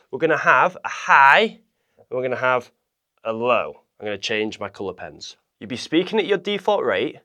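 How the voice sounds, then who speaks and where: This is an instructional video in which a man coaches the viewer on public speaking with lots of energy. He varies his pitch, loudness and speed on purpose to illustrate every point.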